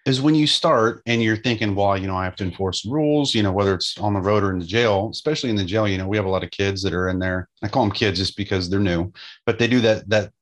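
A man's voice: lowish voice, quick pace. A man who works as a jail deputy, talking bluntly and casually about the job in a podcast chat.

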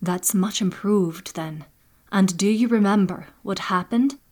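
A woman voicing a worried, caring grandmother, hushed and gentle in a storybook. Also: mid-range voice, a little slow, close to an everyday voice. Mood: tender.

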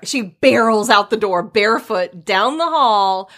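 A woman's voice: medium pitch, lively intonation, a little slow, fairly bright tone. A woman in casual chat about a book, retelling the plot with indignant emphasis and quoted voices. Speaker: book discussion co-host.

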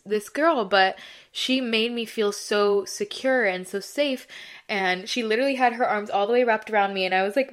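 A young woman talks casually through her solo podcast. She is chatty and gushing, and she leans on "like" and "you know" as she goes. Her pitch sits in the middle range for a woman. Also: a bit bright, clear, resonant tone. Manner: chatty and effusive, heavy on fillers like "like" and "you know". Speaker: podcast host.

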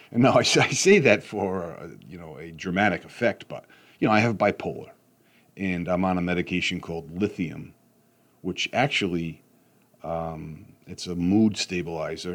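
Low-voiced man giving a rambling motivational talk. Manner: rambling, with frequent "you know what I mean" asides.

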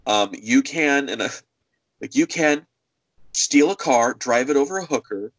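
A man co-hosting a podcast, telling stories in a casual, animated way. He acts out other people's voices as he goes. His voice sits in a middle pitch. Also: unhurried, poor audio. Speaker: podcast co-host. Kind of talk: casual storytelling.

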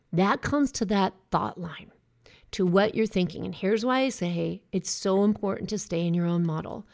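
A middle-aged woman life coach giving a direct, emphatic motivational talk that mixes in casual swearing. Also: medium pitch. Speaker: breast cancer survivor and life coach. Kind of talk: motivational monologue.

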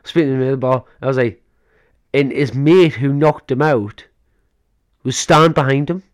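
A man's voice: medium pitch, moderate pace. A young man co-hosts a casual podcast, rambling through stories. He acts out other people's lines as he goes and laughs often. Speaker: podcast co-host. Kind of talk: casual chat.

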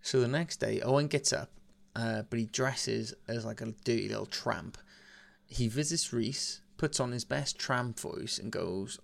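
A man's voice: mid-range voice, a little slow, creaky. A man casually retelling a legend as a podcast host, swearing and laughing as he goes. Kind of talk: casual storytelling.

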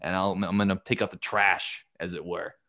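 A man's voice: low voice, fairly even intonation, normal speed, gravelly, bright, forceful tone, heavily acted. A man voicing a tough male warrior god with a dry, threatening manner. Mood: menacing.

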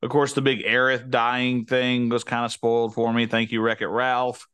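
Man, podcast co-host, rambling casual chat, jokey, smooth clear voice, dry close sound. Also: medium pitch, level tone, moderate pace, a bit bright, dry recording. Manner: rambling, self-interrupting, jokey.

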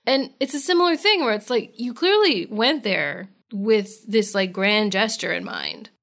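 A woman's voice: mid-range voice, lively intonation, unhurried, vocal fry, a bit bright. A woman co-hosting a podcast in casual chat, with a wry, playful manner. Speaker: podcast co-host.

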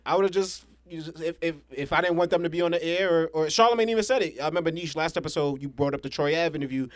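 Fast-talking high-voiced podcast man. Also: dry recording. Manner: rapid, animated storytelling. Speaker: podcast co-host. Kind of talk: casual chat.

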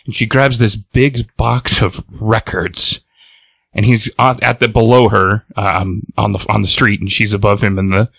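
A man's voice: fairly low pitch, little pitch movement, normal speed, gravelly, a bit bright, no echo. A man hosting a comics podcast, casually retelling a comic and rambling through restarts. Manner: rambling, acts out characters. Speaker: podcast host.

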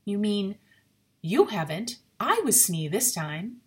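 A woman voicing an impatient, excitable young man in a spoken ghost story. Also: medium pitch, slow. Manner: eager, excited, calling out.

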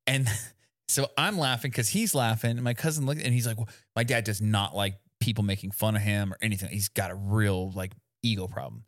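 A man's voice: fairly low pitch, fairly even intonation, brisk, dry recording, studio quality. A man co-hosting a podcast in casual chat, telling a family story with easy laughs and swearing. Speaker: podcast co-host.

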